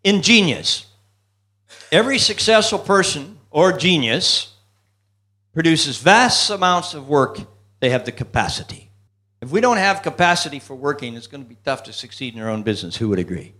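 A man's voice: a little high, sing-song, normal speed, bright, forceful tone. A man giving a motivational business seminar talk, telling jokes and asking the audience questions. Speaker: business speaker.

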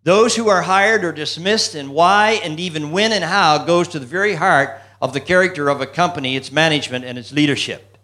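A man's voice: a little high, fairly quick, bright, forceful tone. Joke-telling business seminar speaker, man. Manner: joke-telling, asks the audience questions. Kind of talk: motivational seminar talk.

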